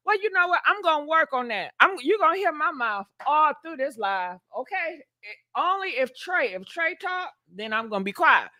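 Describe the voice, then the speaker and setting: Sassy woman gossip host, high bright voice, dry close sound, chatty with viewers. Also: animated, moderate pace, no room sound. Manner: laughs often. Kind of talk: casual live-stream gossip chat.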